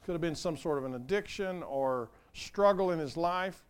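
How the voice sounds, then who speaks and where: A man's voice: a little high, moderate pace, smooth. An older man preaching a sermon as pastor, earnest and conversational, often asking the congregation questions.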